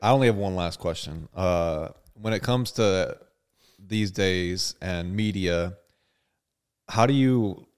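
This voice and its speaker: A man's voice: deep voice, slow pace, smooth. A man asking a guest an easygoing question in casual chat. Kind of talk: casual interview.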